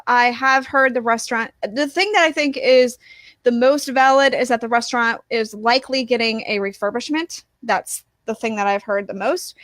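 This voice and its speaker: A woman's voice: on the high side, a bit bright, no echo, clean studio sound. Hesitant woman co-hosting a podcast. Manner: thinks aloud, hesitant with many fillers. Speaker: podcast co-host. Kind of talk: casual chat.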